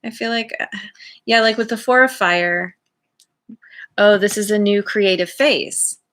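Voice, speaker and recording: A woman giving a tarot reading for her channel, musing aloud in a slow, rambling way with many restarts. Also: mid-range voice, fairly bright tone. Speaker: tarot reader.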